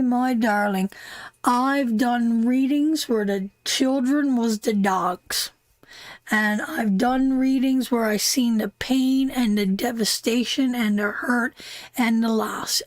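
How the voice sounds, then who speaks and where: A woman's voice: a little high, dry recording. A middle-aged woman from Canada giving a live tarot reading, emotional and heartfelt, repeating phrases for emphasis. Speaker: tarot reader hosting a live stream.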